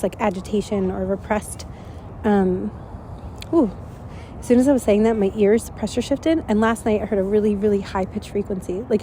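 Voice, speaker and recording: A woman's voice: mid-range voice, warm tone, slight background noise. A woman giving a casual spoken channeling message, rambling and dreamy with many fillers, a bit congested and stuffy. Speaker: spiritual channeler. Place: outdoors at dusk.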